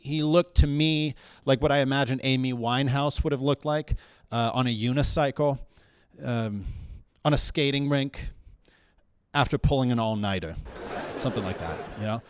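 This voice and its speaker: A man's voice: medium pitch, a little hiss or hum. A man doing a stand-up comedy routine in a small comedy bar, telling stories in a wry, rambling way and often correcting himself mid-sentence.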